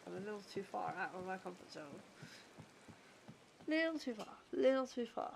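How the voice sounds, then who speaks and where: A woman's voice: mid-range voice, sing-song, moderate pace, creaky, pauses often, a little hiss or hum. A woman with a British accent, chatting casually and bluntly with her livestream chat while she plays, swearing and poking fun at herself. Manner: blunt, sweary, self-mocking.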